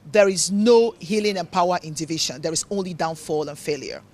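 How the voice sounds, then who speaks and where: A woman's voice: lowish voice, a little fast, darkish tone. A woman from Nigeria with a mixed, hard-to-place accent, answering interview questions as a motivational speaker and author. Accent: mixed accent of English, African and Italian tones. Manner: earnest, preachy, repeats words for emphasis.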